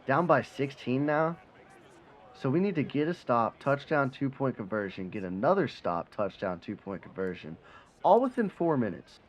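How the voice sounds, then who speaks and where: A young man giving casual, animated commentary over a football video game, cursing and swinging between frustration and excitement. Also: medium pitch, moderate pace. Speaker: gaming commentator. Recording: slightly dull sound, faint background noise.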